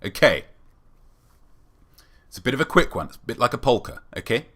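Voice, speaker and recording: A young man hosting a comedic live show, swinging between mock-solemn asides and loud, theatrical excitement. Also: mid-range voice, a little fast, noisy background. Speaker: host.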